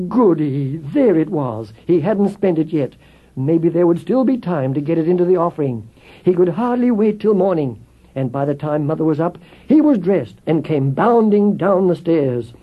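Guy reading a kids' story, high voice, very expressive, tinny phone-ish sound. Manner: expressive, swelling with emotion. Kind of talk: children's story narration. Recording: tinny phone-like with faint music.

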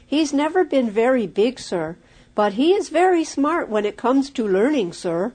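A woman's voice: sits high, sing-song, darkish tone, slightly rough, full character voice. A woman voicing a small, brave boy who speaks up politely and earnestly for his brother. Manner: eager, polite, quick. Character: loyal brave little farm boy.

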